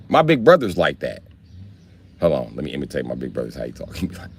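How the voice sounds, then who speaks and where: A man's voice: very deep voice, fast, long pauses, slight background noise. A man on a live stream telling profane, slangy comedic stories in a casual rant. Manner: profane, animated, slangy storytelling.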